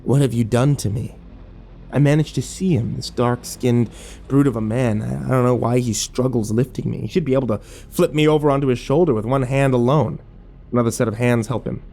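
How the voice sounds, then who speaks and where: A man narrating a first-person horror story in a measured voice. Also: mid-range voice, gravelly, dark tone, slight background noise.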